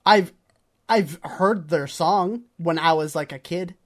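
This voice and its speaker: A man's voice: fairly high pitch, slow pace. A young man co-hosting a podcast in casual chat, laid-back and blunt, laughing along. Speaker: podcast co-host.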